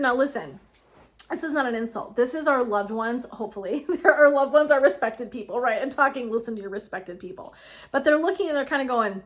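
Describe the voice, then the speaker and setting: A middle-aged woman coaching in a casual, motivational talk to camera, chatty and quick to laugh, checking in often with "right?". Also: fairly high pitch, animated. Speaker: women's wellness coach.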